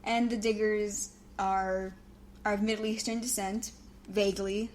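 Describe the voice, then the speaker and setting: A woman's voice: medium pitch, little pitch movement, unhurried, a little mellow, slight background noise. A woman co-hosting a podcast, recapping a cartoon in chatty, giggly casual talk. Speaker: podcast co-host.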